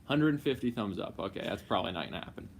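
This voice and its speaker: A man's voice: fairly low pitch, lively intonation, racing, slight background noise. Playful man running a live stream. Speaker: co-host of a couple's live Q&A. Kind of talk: casual live-stream chat.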